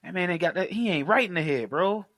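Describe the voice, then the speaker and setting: Brief: bright, animated man, profane recap chat, dry close sound, voices for the scenes. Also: high-pitched, quick pace, no room sound. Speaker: podcast co-host. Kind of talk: casual film recap chat.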